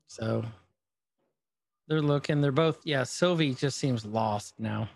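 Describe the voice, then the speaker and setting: A man's voice: mid-range voice, slow, vocal fry. Casual man retelling scenes animatedly. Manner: animated storytelling, acting out scenes in quoted voices. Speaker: co-host reacting to a series. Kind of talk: casual chat.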